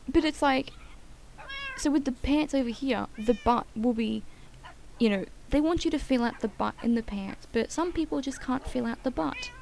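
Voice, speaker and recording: A woman's voice: high-pitched, unhurried, creaky, long pauses, a little mellow, slight background noise, low-quality recording. A young woman in casual chat while gaming, rambling and opinionated, full of "like" and "um". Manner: chatty and rambling, frequent "like" and "um"; blunt and opinionated. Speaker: gaming channel co-host.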